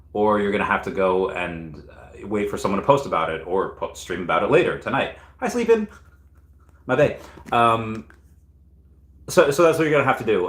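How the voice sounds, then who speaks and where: Rambling low-voiced man, echoey room. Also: fairly bright tone. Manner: rambling, opinionated, frequent coughs and asides. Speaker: crypto and collectibles YouTuber. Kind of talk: casual livestream commentary.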